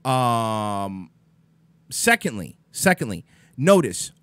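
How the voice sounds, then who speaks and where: A man's voice: medium pitch, sing-song, takes it slowly, a bit bright, clear, resonant tone, dry recording. A man hosting a livestream, venting in an exasperated, profane casual rant at his chat viewers. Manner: swears freely, exasperated, addresses chat viewers by name. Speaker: livestream host.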